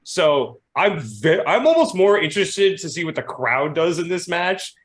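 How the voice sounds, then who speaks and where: A man co-hosting a casual podcast, animated and quick to laugh, swearing casually. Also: on the high side. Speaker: podcast co-host. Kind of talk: casual chat.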